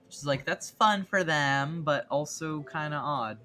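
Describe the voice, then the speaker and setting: A man's voice: fairly high pitch, measured pace, sharp tone, slight background noise. A man chatting casually on a late-night art stream, silly and rambling, often giggling at his own jokes. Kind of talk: casual live-stream chat. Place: home streaming setup.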